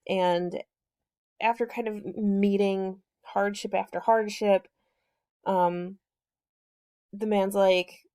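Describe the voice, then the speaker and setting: A woman hosts a book chat and retells the story of a novel in an easygoing, conversational way. Her speech is loose and unpolished, full of fillers and self-corrections as she walks through the plot. Her pitch sits in a typical middle range for a woman. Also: fairly even intonation, slow, long pauses, darkish tone, clean tone. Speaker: book discussion host.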